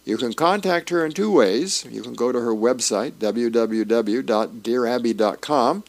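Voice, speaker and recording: A man's voice: mid-range voice, gravelly. A man who is a volunteer reader, reading newspaper columns and comic strips aloud for a radio reading service in an easygoing way, with the odd filler. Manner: unhurried, homey reading with small fillers and restarts.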